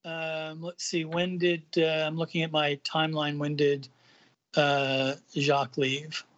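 A man's voice: a little high, little pitch movement, unhurried, a bit bright. A man on a podcast recapping a comic book, reading the characters' lines aloud with lots of ums and uhs. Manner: hesitant, many ums and uhs, reads quotes lightly acted. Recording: dull lo-fi audio.

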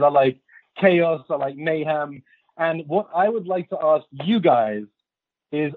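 Heard over a tinny, phone-like line with no room sound, a guest on a casual podcast jokes about himself in a rambling, playful manner. He's an English man with a West London RP accent and a voice on the high side.

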